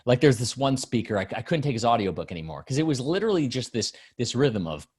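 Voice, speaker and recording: A man's voice: mid-range voice, fast, husky. A man who coaches public speaking, giving casual advice as a guest and acting out shifts in volume and pace as he explains. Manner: animated, demonstrates changes in volume and pace.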